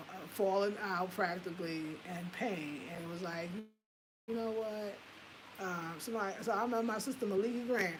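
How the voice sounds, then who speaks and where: A woman in her fifties telling a personal story in a candid, animated way, swearing casually and laughing at herself. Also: on the low side, background noise. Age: 50s. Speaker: home design vlogger.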